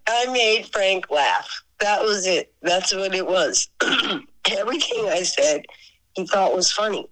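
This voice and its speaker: A woman in her sixties with a Boston accent, a singer telling stories as an interview guest, sentimental and quick to laugh. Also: medium pitch, animated, a bit bright, rough recording. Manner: laughs often, sentimental, sarcastic wit. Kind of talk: emotional storytelling.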